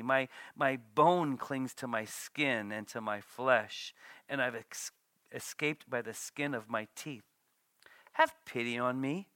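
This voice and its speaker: A man preaching a sermon, swinging from hushed whispers to loud acted-out bursts. His voice sits a little high and rings bright and forceful. The sound is dry and close, with no room around it. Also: a little slow, no echo. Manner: animated, acts out quotes with sudden loud bursts and soft whispers. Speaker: pastor.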